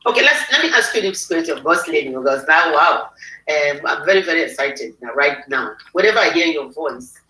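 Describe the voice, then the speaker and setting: A woman hosting a livestream interview, excitable and rallying her audience. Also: deep voice, brisk. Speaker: host. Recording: echoey room, mic far off.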